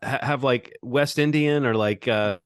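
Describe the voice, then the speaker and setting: A man's voice: mid-range voice, measured pace, clean tone, no room sound, clean studio sound. A man co-hosting a movie review podcast in casual, rambling chat full of fillers and restarts. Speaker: podcast co-host.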